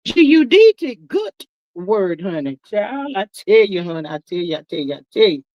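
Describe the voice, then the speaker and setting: A woman hosting a casual livestream, reading out viewer comments and greeting people, calling them "child" and "honey", with sing-song drawn-out welcomes. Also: fairly low pitch, big pitch swings, darkish tone, no echo, highs cut off. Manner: sing-song, drawn-out calls of "come on in the room"; Southern-style endearments like "child" and "honey". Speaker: livestream host. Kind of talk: casual live-stream chat reading comments.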